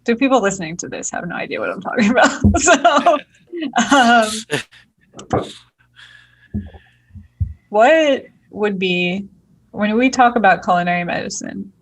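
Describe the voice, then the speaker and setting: A woman hosts a relaxed interview, feeling her way into her questions with a loose, informal manner. Her voice sits in an ordinary middle range. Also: mid-range voice, unhurried, long pauses, no room sound, poor audio. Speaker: host. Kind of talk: casual interview.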